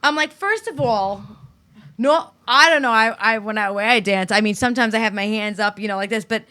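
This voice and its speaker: A middle-aged woman telling stories in casual chat, profane and animated, acting out what people said. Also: mid-range voice, fast talker, clear, resonant tone, no echo. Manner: profane, animated storytelling with acted-out quotes. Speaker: podcast co-host.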